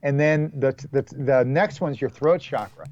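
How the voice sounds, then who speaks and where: A man's voice: medium pitch, a little slow, darkish tone, no echo, highs cut off. A man, a guest spiritual teacher, talking casually and encouragingly about meditation and inner space, rambling a little as he goes.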